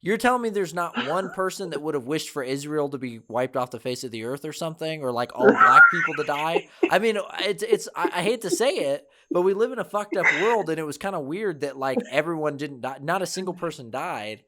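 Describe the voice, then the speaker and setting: A young man in a casual film review chat, speaking in a somewhat high voice. He pauses and restarts as he searches for words. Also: lively intonation, noisy background. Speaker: podcast co-host.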